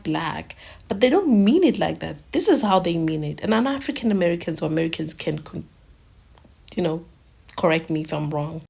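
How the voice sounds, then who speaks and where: Low, gravelly woman commentating. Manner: soft-spoken, halting, with many fillers. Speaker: host. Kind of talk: reaction commentary.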